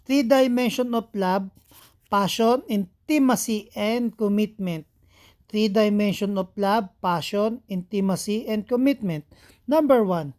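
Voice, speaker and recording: A woman's voice: a little high, a little mellow. A woman teacher from the Philippines with a Filipino accent, reading lecture points aloud and repeating each one as if dictating. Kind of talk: slow reading of lecture notes.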